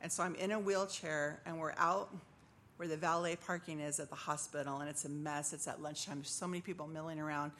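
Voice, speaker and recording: A woman's voice: low voice, steady tone, fairly quick, a bit bright, a little hiss or hum. A middle-aged woman giving a personal testimony at church, telling her story earnestly and acting out the voices of the people in it.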